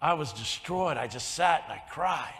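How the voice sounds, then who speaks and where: An older man preaching a sermon, telling stories and swinging from soft, quiet lines to shouted emphasis. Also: fairly high pitch, expressive, moderate pace. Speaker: pastor. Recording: long hall reverb.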